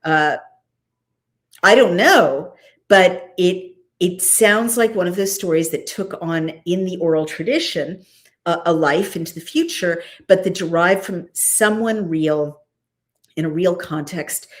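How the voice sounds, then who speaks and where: Lively woman talking through a scripture story. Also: fairly low pitch, a little slow. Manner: lively, conversational, frequent asides. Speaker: host. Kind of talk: casual scripture commentary.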